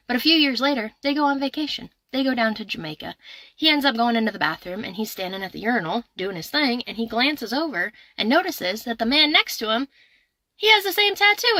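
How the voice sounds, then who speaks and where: A woman's voice: a little high, expressive, a little fast, bright, forceful tone, dry recording. A woman telling a dirty joke in a playful, sassy way. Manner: playful, sassy delivery with voiced characters. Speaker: joke teller.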